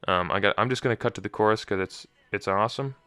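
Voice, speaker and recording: A young man with a fairly low voice hosts a casual solo podcast. He rambles, corrects himself and restarts his sentences, recorded close and dry with no room sound around him. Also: quick pace, bright, forceful tone, clear, resonant tone, no echo. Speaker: podcast host.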